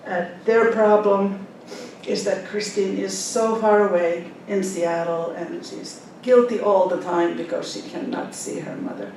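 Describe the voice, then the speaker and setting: A woman in her seventies with a Finnish accent, a Finnish speaker, reading her own novel aloud in an unhurried way with soft fillers, then talking about her characters. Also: steady tone. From Finland. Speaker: author. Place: library event hall. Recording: echoey hall, speaker far from the mic, faint rumble.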